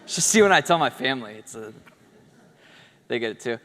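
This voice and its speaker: A man's voice: mid-range voice, expressive, a little fast, fairly bright tone. A man giving an award speech, telling a story in a casual, humorous way and acting out the quotes. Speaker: award speaker. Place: event hall stage. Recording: echoey hall.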